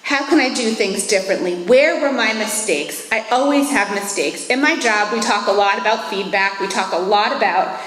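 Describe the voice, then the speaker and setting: A woman's voice: medium pitch, normal speed, a bit bright. A woman in her thirties giving an earnest, reflective talk at a recovery meeting. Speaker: AA speaker. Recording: echoey hall.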